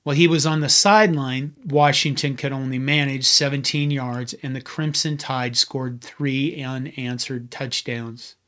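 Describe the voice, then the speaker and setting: A man's voice: medium pitch, fairly even intonation, unhurried, hardly any pauses, bright, forceful tone. A man hosting a history channel, giving a scripted narration with conversational, wry asides.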